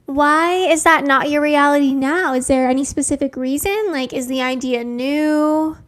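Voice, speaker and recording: A young woman hosting a casual live stream, reading out viewers' names and talking gently and affirmingly about dreams. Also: high voice, no echo, studio quality. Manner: slow, gentle, spiritual and affirming.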